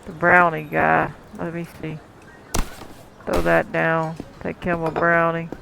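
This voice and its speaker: High, gravelly man chatting through a game. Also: completely flat delivery, slow pace, bright, forceful tone, slight background noise, poor audio. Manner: chatty, talks to the game's customers, chuckles often. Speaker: gameplay commentator. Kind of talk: casual gameplay commentary.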